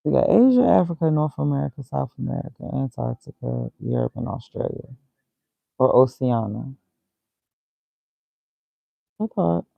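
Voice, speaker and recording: A man's voice: mid-range voice, animated, normal speed, vocal fry, long pauses, dry recording, lo-fi sound, soft background music. A man casually thinking aloud as he reads, muttering and reacting to himself. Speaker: vlogger.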